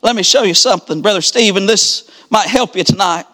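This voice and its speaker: A preacher delivering a sermon at a church service, moving from quiet storytelling to shouted preaching with repeated refrains. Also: male voice, sits high, brisk. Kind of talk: revival sermon.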